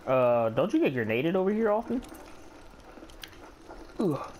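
A man's voice: fairly high pitch, sing-song, unhurried, a little mellow, slight background noise. A man giving casual, profane gameplay commentary, muttering to himself and running himself down as he plays. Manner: muttering, profane, self-critical. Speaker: gamer and channel host. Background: background music.

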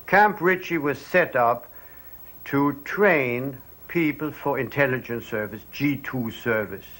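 Older man, interview, slow and measured, mid-range voice. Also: medium pitch, fairly bright tone, rough recording. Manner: deliberate, thoughtful, pauses with fillers. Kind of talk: measured recollection.

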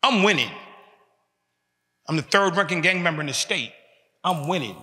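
In a large prison hall with long reverb, a man gives prisoners an emphatic motivational talk made of repeated short phrases. His voice is a little high and animated, at normal speed, with a sharp tone.

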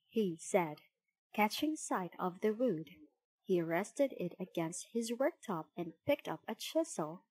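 A woman narrating a children's storybook in a clear, measured reading. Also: medium pitch, lively intonation, low-quality recording.

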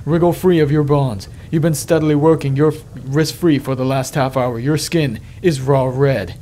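Man, mid pitch, game text read aloud, measured dramatic delivery, let's play commentary, faint background hiss. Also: fairly even intonation, mellow. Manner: measured dramatic reading, dropping low and slow on ominous lines.

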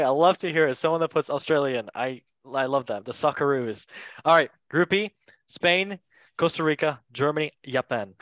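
A young man hosting a casual football podcast, playful and quick to laugh, with goofy asides. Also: a little high, fairly bright tone, no room sound. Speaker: podcast host.

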